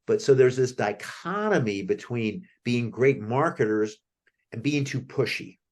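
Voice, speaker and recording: As the author guest in a conversational interview, an American man rambles through anecdotes, restarting often. His medium-pitched voice is animated, his pace a little slow.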